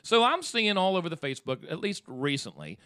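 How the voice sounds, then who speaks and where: A man's voice: fairly high pitch, sing-song, fairly quick, bright, forceful tone, smooth, no room sound, clean studio sound. A man co-hosting a casual podcast, rambling through stories and laughing at his own jokes. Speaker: podcast co-host. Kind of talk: casual chat.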